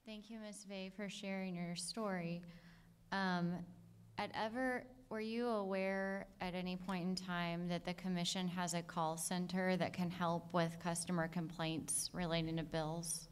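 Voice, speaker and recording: A woman official politely asking formal, measured questions at a public hearing. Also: on the low side, level tone, clear, resonant tone.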